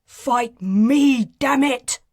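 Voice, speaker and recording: A woman voicing a defiant young man who shouts his challenge in fury. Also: sits high, drawn-out words, vocal fry, no room sound, clean studio sound, full character voice. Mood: furious shouting. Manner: shouting, furious.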